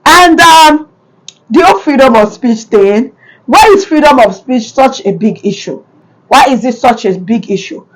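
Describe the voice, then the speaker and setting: A woman's voice: sits high, moderate pace, poor audio. Nigerian woman reacting emphatically. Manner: animated, emphatic, repeats points. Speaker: reaction video host. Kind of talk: casual commentary.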